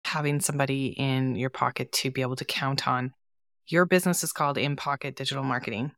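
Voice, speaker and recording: Low-voiced woman hosting a podcast. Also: steady tone, fast, dry recording, faint music behind. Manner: short warm affirmations and plain questions. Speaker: podcast host. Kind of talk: interview host.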